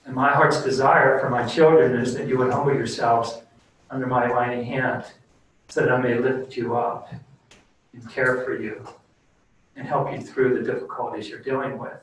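A man's voice: medium pitch, fairly even intonation, moderate pace. A man preaching a sermon as pastor in an earnest, conversational, plain-spoken way, then leading a prayer. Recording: very echoey room, distant mic, faint background noise.

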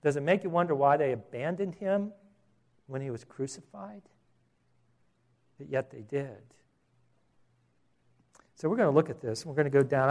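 A man preaching a sermon, animated, rising to loud emphasis and dropping to quiet asides. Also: on the high side. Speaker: pastor.

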